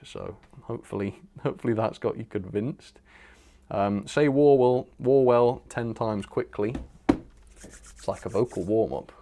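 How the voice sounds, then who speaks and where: A man's voice: mid-range voice, warm tone. A man hosting a live stream, chatting casually and rambling as he reads out viewer comments with frequent chuckles.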